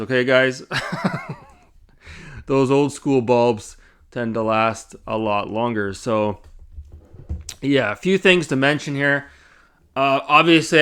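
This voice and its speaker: A man's voice: medium pitch, clean tone. A man hosting his own channel, chatting casually from his home games room with rambling asides and lots of fillers. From Canada. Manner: rambling, many fillers, animated retelling. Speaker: YouTube channel host. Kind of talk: casual vlog chat.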